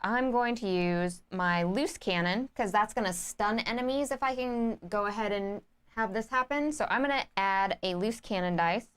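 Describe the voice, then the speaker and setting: A woman's voice: medium pitch, moderate pace, few pauses, clean tone. A woman hosting a board game playthrough in casual chat, giggly and bubbly. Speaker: host.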